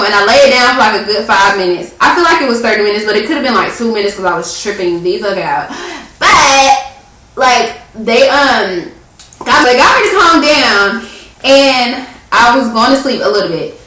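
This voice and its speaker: A young woman vlogger telling a story in a casual, animated way, full of slang and laughter, recorded on a camera mic. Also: high voice, very echoey, low-quality recording.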